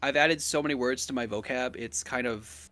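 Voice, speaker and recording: Bright-voiced joking man, laughing a lot. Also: medium pitch, normal speed. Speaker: streamer. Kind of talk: casual chat.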